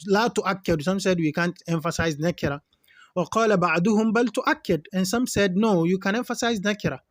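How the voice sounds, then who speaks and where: A man's voice: high-pitched, no echo, clean studio sound. A man teaching Arabic grammar in a recorded lesson, reading Arabic lines and then patiently explaining them in English. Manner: patient, repeats points for learners.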